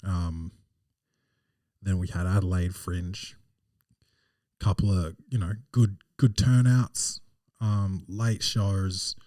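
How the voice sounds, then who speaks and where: A man's voice: sits low, steady tone, takes it slowly, long pauses, darkish tone, dry recording, studio quality, recorded from a distance. A man, a stand-up comedian hosting his podcast alone, telling self-deprecating stories in a casual, rambling way. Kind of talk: casual solo podcast monologue.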